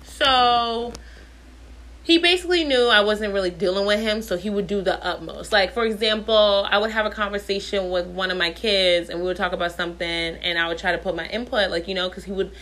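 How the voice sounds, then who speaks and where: A woman in her thirties tells a story in an animated casual rant. Her voice sits at an ordinary middle pitch for a woman, and her talk is blunt and full of swearing. She is speaking from her bathroom at home. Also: a little fast.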